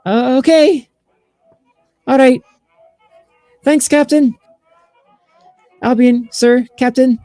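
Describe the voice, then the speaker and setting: A nervous, awkward young guild messenger, put on by a man, stammering through every sentence. His voice sits high above a plain speaking voice. The sound is dry and close, with faint music behind. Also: fairly even intonation, very slow, pauses often, mellow, no room sound, heavily acted. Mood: flustered. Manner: stammering, hesitant.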